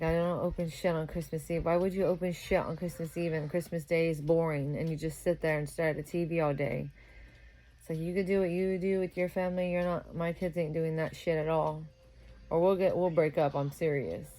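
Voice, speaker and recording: A young woman venting in a casual monologue, cursing often and growing heated as she rants, worn out as a sleep-deprived new mother. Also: low-pitched. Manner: profane, ranting, grows louder and heated. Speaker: vlogger.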